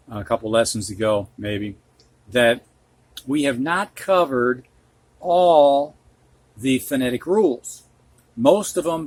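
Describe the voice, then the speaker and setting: A man teaching a reading lesson, reading words slowly and repeating them, with patient explanations for teachers. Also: mid-range voice, no echo. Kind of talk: slow spoken reading lesson.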